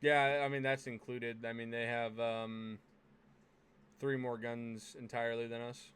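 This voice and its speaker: Male podcast host, casual and profane, clean smooth tone. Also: medium pitch, flat delivery, a little slow, fairly bright tone. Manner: laid-back, swears freely. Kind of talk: casual gaming podcast chat.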